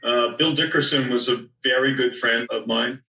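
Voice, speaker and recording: An older man, a winemaker guest, talking in a relaxed storytelling way about vineyards and his wines. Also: mid-range voice, normal speed, roomy sound, far from the mic, rough recording.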